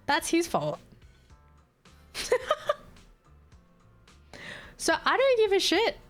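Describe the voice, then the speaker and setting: A woman live streamer venting in a casual, heated and profane rant, breaking into laughter. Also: fairly high pitch. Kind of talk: casual ranting chat.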